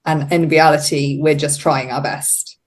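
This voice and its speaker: Middle aged woman on a podcast, lower voice, thoughtful, laughs a lot. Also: fairly even intonation, unhurried. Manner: reflective, laughs often, quotes herself in little voices. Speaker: podcast guest, playwright. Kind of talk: casual interview chat.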